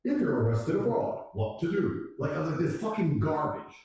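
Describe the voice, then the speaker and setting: A man telling a story in casual chat, profane and animated, acting out other people's lines. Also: a little high, normal speed, muffled recording. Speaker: guest storyteller. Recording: echoey room, distant mic.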